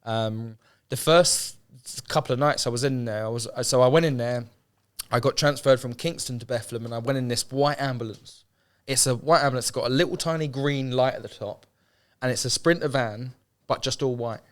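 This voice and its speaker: A man's voice: mid-range voice, brisk. Man telling his story candidly. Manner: swears freely, frequent restarts, acts out quoted speech. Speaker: guest.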